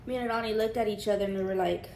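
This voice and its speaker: A young woman vlogs from home, rapidly telling a personal story in casual chat. Her mid-range voice has vocal fry, and she animatedly acts out what others said in playful voices. There's slight background noise.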